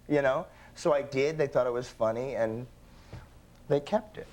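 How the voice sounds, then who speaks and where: A young adult man, an actor guest on a talk show, telling stories in a casual, animated way and acting out the voices in them. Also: medium pitch, moderate pace, a little hiss or hum. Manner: animated storyteller, acting out voices in his anecdotes.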